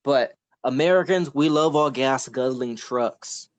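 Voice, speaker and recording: A man's voice: mid-range voice, unhurried, highs cut off. A teenage man co-hosting a casual comedy podcast, talking in a hesitant way with lots of fillers and restarts. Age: late teens. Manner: hesitant, filler-heavy, stammering delivery. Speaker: podcast co-host.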